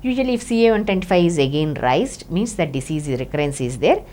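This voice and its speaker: Low-voiced doctor, hesitant delivery. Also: female voice, very animated, fairly quick, warm tone. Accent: Indian English. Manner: hesitant, restarts with many fillers. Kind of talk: explaining a medical topic to camera.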